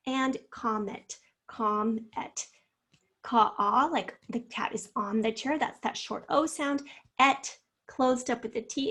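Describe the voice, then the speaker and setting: A woman teacher giving a recorded spelling lesson to fourth graders, sounding out words slowly and carefully. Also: fairly high pitch, husky.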